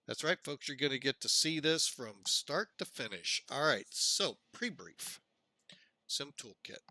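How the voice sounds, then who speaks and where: A man's voice: medium pitch, big pitch swings, unhurried, bright, forceful tone, no room sound. A man casually narrating a flight simulator session on a live stream, chatting to viewers as folks.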